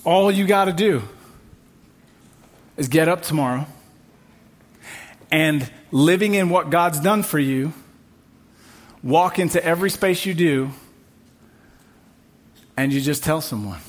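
A man's voice: a little high, slow pace, long pauses. A man preaching a sermon at a church service, emphatic and building on repeated refrains. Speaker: pastor.

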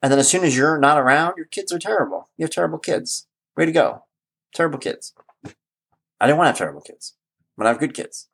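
Animated dad telling stories. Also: male voice, a little high, very fast, breathy edge. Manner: animated, acts out quoted voices. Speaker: host. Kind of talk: casual storytelling monologue.

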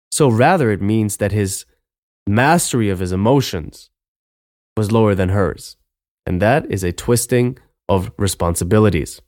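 A man's voice: medium pitch, darkish tone, no room sound, studio quality. A man hosting a podcast, giving an earnest solo advice talk that often ends points with "right?". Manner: earnest, lecturing, with frequent "right?" tags. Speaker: podcast host.

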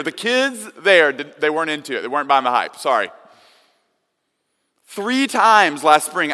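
Pastor, male, earnest sermon delivery with big swings from soft to loud, sharp tone. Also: medium pitch. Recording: long reverb of a large hall.

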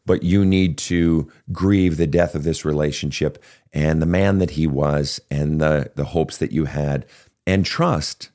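A man's voice: deep voice, darkish tone. A man hosting a call-in counseling podcast, talking frankly and earnestly to a guest, swearing now and then. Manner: frank, earnest, profane at times.

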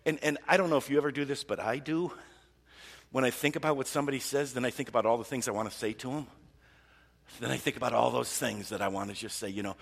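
A man preaching a sermon in an animated way, repeating words and swinging from loud outbursts to hushed tones. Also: mid-range voice, fast, creaky, slightly rough. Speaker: pastor. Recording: long hall reverb.

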